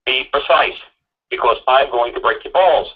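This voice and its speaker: A man's voice: mid-range voice, normal speed, breathy edge. A man on a call-in talk show, lecturing insistently with repeated rhetorical questions and some swearing, heard through a muffled lo-fi broadcast recording. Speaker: guest speaker on a call-in show. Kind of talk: emphatic talk radio lecture.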